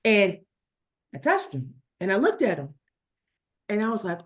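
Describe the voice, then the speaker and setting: A woman speaking on a video call, telling a personal story in a talk, animated and full of fillers and restarts. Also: mid-range voice, normal speed, pauses often. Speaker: speaker presenting slides.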